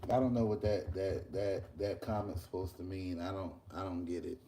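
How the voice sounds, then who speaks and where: A young man, chatting casually in a vlog while cooking breakfast at work, telling an animated story. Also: low-pitched, normal speed, a little hiss or hum. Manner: animated ranting storyteller, loose and conversational. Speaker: vlogger and podcast host. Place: workplace kitchen.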